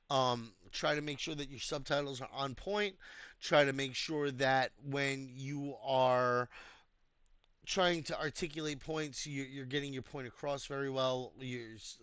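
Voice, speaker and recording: This dry recording features a young man from the United States whose mid-range voice sounds bright and forceful. Hosting a community and going through threads, he offers earnest, explanatory advice in a casual way, often restarting and using fillers.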